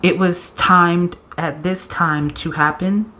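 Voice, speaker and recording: A woman doing a pick-a-card tarot reading, excitable and slangy, often laughing and acting out quotes. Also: on the low side, slow. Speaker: tarot reader.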